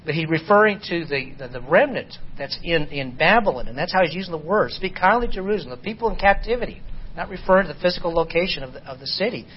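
A man teaching an informal Bible study lesson, halting and repeating words as he asks his class rhetorical questions. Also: a little high, expressive, a little hiss or hum. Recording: dull lo-fi recording.

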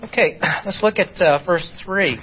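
A man teaching an informal Bible study lesson, halting and repeating words as he asks his class rhetorical questions. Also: high voice, a little hiss or hum. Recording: dull lo-fi recording.

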